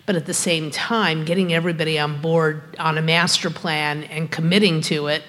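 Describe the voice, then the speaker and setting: A woman's voice: low voice, fairly even intonation, normal speed, fairly bright tone, a little hiss or hum. A woman sharing thoughts in a group discussion, searching for words as she goes. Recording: long hall reverb.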